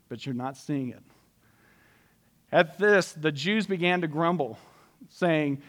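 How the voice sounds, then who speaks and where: A man preaching a conversational sermon, reading scripture aloud and explaining it, dropping his voice soft and slow for emphasis. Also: on the high side.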